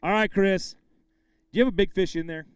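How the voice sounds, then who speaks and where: High-voiced man emceeing a fishing weigh-in. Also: brisk, clear, resonant tone, no room sound. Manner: hypes and banters with anglers, shouts the weights. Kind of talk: live weigh-in announcing.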